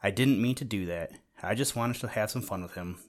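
A big, playful farm dog talks quietly to himself in a storybook, voiced by a man reading aloud. His tone is mild and low-pitched. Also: brisk, lightly acted. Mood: sheepish.

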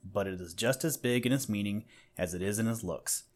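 A man narrating a children's animal storybook, gently addressing the listener along the way. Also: fairly low pitch, a little fast.

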